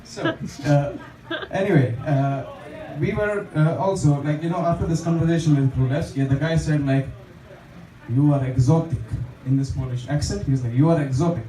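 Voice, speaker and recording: With a fairly high, dark voice, a young stand-up rattles along a little fast and barely pauses, self-deprecating and full of fillers. The open mic set is in a small bar with a live audience, picked up by a distant mic amid room echo and laughter.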